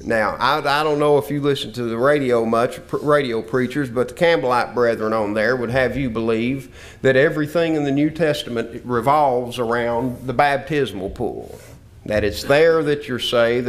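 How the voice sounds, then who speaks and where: Speaking in an ordinary middle pitch with a drawl, this preacher delivers a sermon lesson. Scripture is quoted earnestly, and his points come around again and again.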